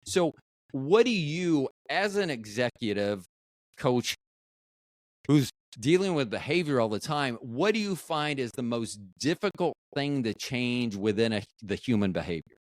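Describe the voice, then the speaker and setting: A man hosting a podcast interview tells a long, rambling anecdote before he gets to his question. He acts out the lines he quotes. His voice is mid-pitched and dry, as if right up on the mic. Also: expressive, unhurried, dry recording. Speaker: podcast host.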